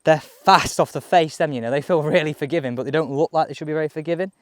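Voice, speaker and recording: A man chatting excitedly as he reviews golf clubs outdoors on a course. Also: fairly high pitch, quick pace, no room sound, studio quality. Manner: chatty, excitable, thinking aloud. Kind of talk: casual on-course commentary.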